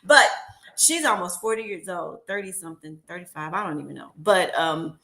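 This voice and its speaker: Bright-voiced animated woman educator. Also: fairly low pitch, normal speed. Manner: lively, animated storyteller with laughs and asides. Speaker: educator guest on a panel. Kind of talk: casual storytelling.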